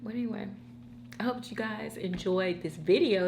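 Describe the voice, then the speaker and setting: Eating on camera at home, a mukbang host keeps up lively, casual chatter aimed directly at her viewers. She has a medium pitch and moderate pace, and there's slight hiss or hum.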